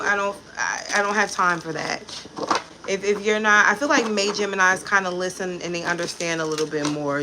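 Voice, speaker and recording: A woman's voice: lowish voice, noisy background. A woman giving a casual tarot reading to camera, blunt and profane, with chatty asides about people she has met. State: pregnant. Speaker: tarot reader.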